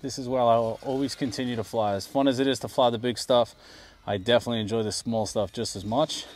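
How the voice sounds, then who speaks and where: Speaking quickly in a medium-pitched, darkish voice with a steady tone, a man vlogs casually while flying a small RC plane. He's chatty and pokes fun at himself, filming outdoors at a flying field and in a backyard.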